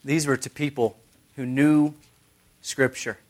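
A man's voice: medium pitch, fairly even intonation, slow. A man teaching a Bible study in a conversational sermon style, making joking asides and quoting scripture.

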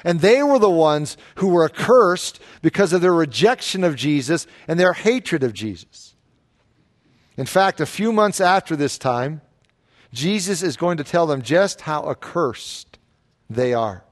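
Male pastor, high-pitched, emphatic verse-by-verse preaching. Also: expressive, unhurried. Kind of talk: expository sermon.

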